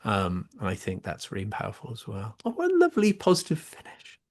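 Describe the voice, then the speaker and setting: A man's voice: lowish voice, wildly swooping pitch, brisk, darkish tone. A man hosting a podcast interview, effusive and openly emotional with his guest. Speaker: podcast host.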